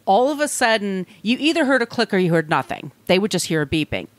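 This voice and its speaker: A woman's voice: mid-range voice, very animated, quick pace, dry recording. Blunt woman telling a crime story. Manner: conversational, blunt, emphatic. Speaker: podcast co-host.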